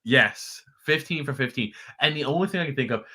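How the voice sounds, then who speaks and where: A man co-hosting a casual college football watchalong, getting excitable as the game unfolds. His voice is bright and lively, swinging widely in pitch, with sudden high-pitched outbursts. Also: a little fast. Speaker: podcast co-host.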